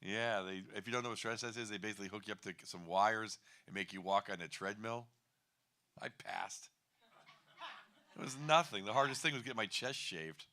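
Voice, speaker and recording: A man's voice: on the low side, moderate pace, pushed and bright. A middle-aged man doing a stand-up set, wry and self-deprecating, chuckling at his own lines. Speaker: stand-up comedian.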